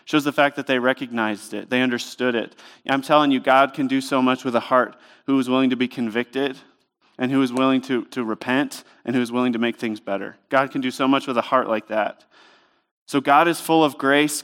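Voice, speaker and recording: A man's voice: mid-range voice, a bit bright, clear, resonant tone. A man preaching a sermon in a church, speaking in a conversational, emphatic way with lots of rhetorical questions. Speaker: pastor.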